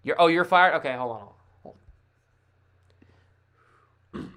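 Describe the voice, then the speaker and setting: A man hosting a casual live sports stream, thinking aloud in a chatty, excitable way. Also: on the high side, slow pace, clean tone. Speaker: livestream host.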